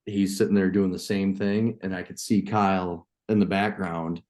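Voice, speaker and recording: A man from New York, a farmer and hunter, telling a story as a podcast guest, excited and profane. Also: low voice, normal speed. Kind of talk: casual storytelling.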